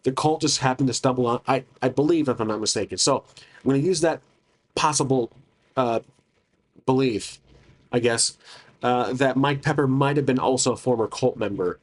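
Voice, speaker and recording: A man's voice: mid-range voice, moderate pace. Man thinking aloud through a solo tabletop game. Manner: thinks aloud, hesitant, with many restarts.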